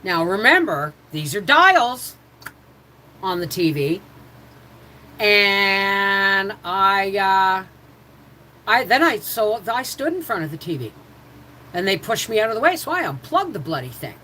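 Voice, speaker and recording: A woman's voice: mid-range voice, very animated, measured pace, long pauses, bright, forceful tone, low-quality recording. A middle-aged woman hosting a home livestream, telling stories in a digressive, chatty way that jumps between subjects and circles back. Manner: chatty, frequent restarts, addresses viewers directly. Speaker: homestead livestream host. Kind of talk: rambling casual livestream storytelling.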